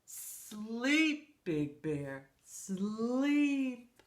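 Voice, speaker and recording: A woman voicing a stern old man who personifies winter, lowering her voice into a slow, drawn-out tone, recorded in a roomy, echoey space. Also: very animated, exaggerated voice. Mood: hushed, stern. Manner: low drawn-out hush, later bellowing. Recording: roomy echo.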